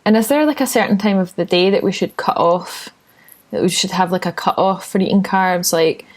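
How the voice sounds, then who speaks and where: A woman hosting a podcast, asking questions in a chatty, relaxed way. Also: mid-range voice, a little fast. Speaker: podcast host. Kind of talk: casual interview chat.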